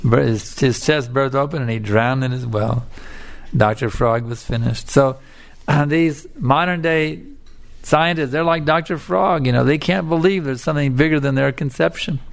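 Gravelly-voiced man preaching through a fable. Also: medium pitch, moderate pace. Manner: colloquial, repetitive, keeps asking "you see?". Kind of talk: sermon with a told fable.

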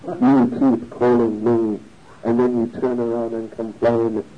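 A man's voice: mid-range voice, little pitch movement, unhurried, pitched below the performer's own voice, close to an everyday voice. A man voicing a playful, cheeky little boy who teases and scolds a worried grown-up. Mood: scolding. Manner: teasing, mock-indignant. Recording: dull lo-fi recording.

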